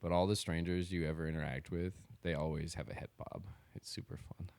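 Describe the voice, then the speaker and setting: A low-voiced man banters on a podcast, blunt and teasing, dropping casual swears. His voice is deep and recorded close and dry. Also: steady tone, a little fast, creaky, a little mellow, dry recording. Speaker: podcast co-host. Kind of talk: casual chat.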